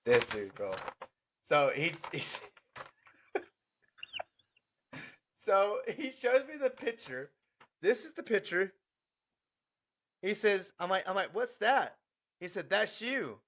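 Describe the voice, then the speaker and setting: Animated bright-voiced man telling stories. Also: sits high, takes it slowly, pauses often. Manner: animated, laughing, acts out dialogue. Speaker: podcast co-host. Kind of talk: casual storytelling chat.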